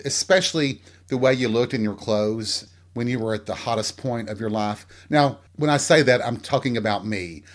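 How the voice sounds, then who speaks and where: A middle-aged man with a mild Southern accent rambles through a crude, self-mocking monologue as a podcast host. His voice sits at an ordinary male pitch, and he talks while getting dressed at home. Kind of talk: casual monologue.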